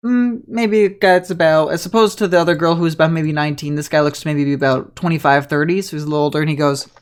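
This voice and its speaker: A man's voice: a little high, fairly even intonation, fast talker, smooth. A man narrating a tabletop game as game master, moving between casual scene-setting and reading entries aloud.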